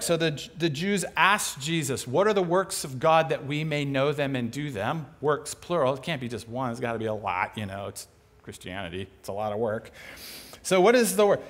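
A man preaching a sermon in a lively, conversational way, acting out quoted voices as he goes. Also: a little high, moderate pace. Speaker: pastor.

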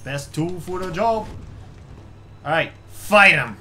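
Excitable young man with bright voice. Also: a little high, slow, slight background noise. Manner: excitable, swears, reads item text aloud. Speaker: co-host of a gaming channel. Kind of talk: casual let's-play chat.

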